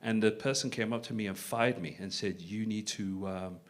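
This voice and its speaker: A man's voice: on the low side, a little fast. A middle-aged man speaking at a panel event, telling a personal story in an earnest, reflective way.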